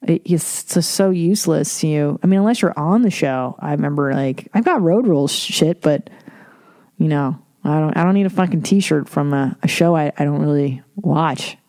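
A middle-aged woman hosting her own podcast, talking bluntly and swearing freely as she rambles from one thought to the next. Her voice sits low and mellow. The sound is close and dry, with no room around it. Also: normal speed, dry recording. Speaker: podcast host. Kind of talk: casual solo podcast talk.

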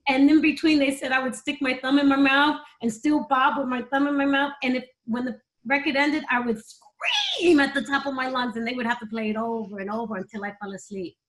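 Middle-aged woman, candid interview guest, emotional and quick to laugh. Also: high voice, lively intonation, a bit bright. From United States.

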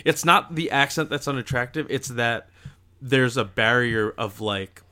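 Male podcast co-host, bright and forceful tone, blunt and argumentative in casual chat. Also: medium pitch, unhurried. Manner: blunt, argumentative, laughs at own jokes.

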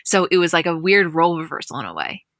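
A woman co-hosting a podcast, chatting casually and retelling scenes in an animated, storytelling way. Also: low-pitched, fast talker, no room sound, studio quality. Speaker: podcast co-host. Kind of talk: casual recap chat.

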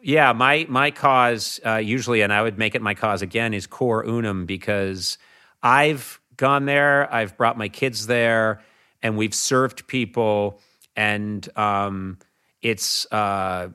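A man's voice: lowish voice, fairly even intonation, takes it slowly, sharp tone, clear, resonant tone. A man as a podcast guest, telling an earnest story animatedly, with frequent restarts. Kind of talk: casual conversation.

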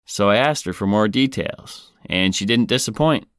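Reading listener mail on his podcast at a moderate pace, the host speaks with a very deep, smooth, resonant voice and a dry, deadpan wit. The sound is close-miked and dry, with no room ambience at all.

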